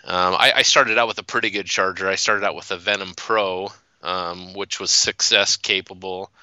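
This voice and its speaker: Very deep, bright-voiced man, halting. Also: steady tone, clean tone, no echo, dull audio. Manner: halting, with many fillers and restarts. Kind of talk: casual chat.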